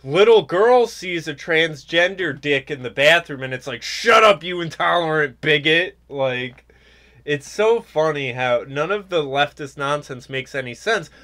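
Man, podcast host, political rant, sarcastic, bright tone, slightly high pitch. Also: lively intonation, measured pace. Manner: ranting, sarcastic, mocking mimicry. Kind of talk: political commentary chat.

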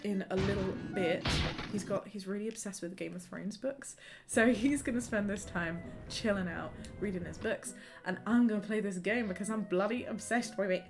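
A woman's voice: mid-range voice, moderate pace, hardly any pauses. A young woman chatting bubbly and casual with viewers during a live gaming stream at home, greeting them by name. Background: game music.

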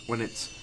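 A man hosting a let's play, giving casual, joking commentary and swearing freely. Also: fairly bright tone. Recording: game music playing behind.

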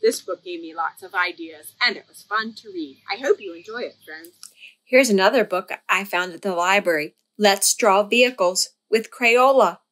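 A woman's voice: mid-range voice, normal speed, a bit bright. A woman hosting a children's library storytime, playful and sing-song as she reads aloud and leads rhymes.

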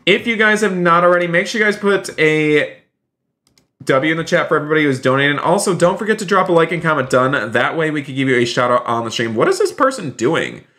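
A man's voice: fairly high pitch, bright, forceful tone. A man live-streaming a role-play game, chatting upbeat to his viewers and thanking donors. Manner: upbeat, chatty, addresses chat often.

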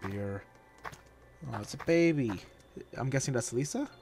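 Slow-talking, animated young gamer guy. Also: medium pitch. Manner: reactive, swears, reads game dialogue aloud. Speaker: let's play gamer. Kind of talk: casual gameplay commentary. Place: home room. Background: game music.

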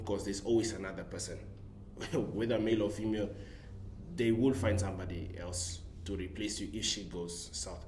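A man's voice: fairly low pitch, darkish tone. A man on a casual group chat panel, talking in a joking, rambling way and breaking into laughter. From Namibia. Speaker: podcast panelist. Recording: echoey room with faint background noise.

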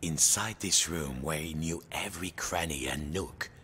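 A man's voice: rumbling low, unhurried, pushed and bright, a little hiss or hum. A man narrating a game story in a playful, theatrical storybook manner.

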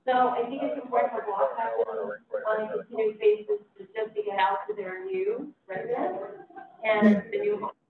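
A woman's voice: fairly high pitch, expressive, normal speed, crowd noise. Woman at a city meeting, rambles lots with fillers, throaty morning voice, far off, echoey, tinny phone-like sound. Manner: rambling, many fillers and restarts. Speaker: block captain. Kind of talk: community meeting discussion.

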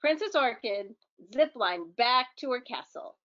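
A woman's voice: a little high, lively intonation, a little slow, a bit bright, muffled recording. A woman teacher reading a picture book aloud to children, with chatty asides to her young listeners.

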